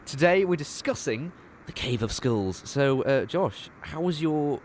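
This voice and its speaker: A man's voice: mid-range voice, expressive, unhurried, a little hiss or hum. A young man hosting a casual review podcast, chatty with many fillers. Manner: chatty, hesitant fillers, laughs often. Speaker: podcast host.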